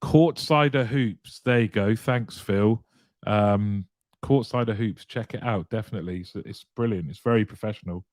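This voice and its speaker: A man hosts a relaxed live stream, welcoming viewers by name and reading out their comments. His voice sits on the low side and sounds close and dry, with no room around it. He keeps things light and chatty, with the odd soft laugh. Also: normal speed, no room sound. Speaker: live show host.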